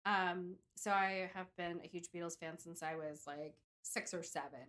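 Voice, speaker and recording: A woman's voice: on the low side, fairly even intonation, normal speed, fairly bright tone. A young woman co-hosting a podcast, telling a story in a chatty way with lots of "like" and "um". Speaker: podcast co-host telling the case. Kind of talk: casual chat.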